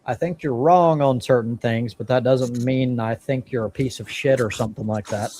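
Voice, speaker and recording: A man's voice: medium pitch, normal speed, darkish tone, slight background noise. A man hosting a live stream, talking casually and bluntly with plenty of swearing as he works through his thoughts. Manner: blunt, profane, talks through his thinking. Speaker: stream host.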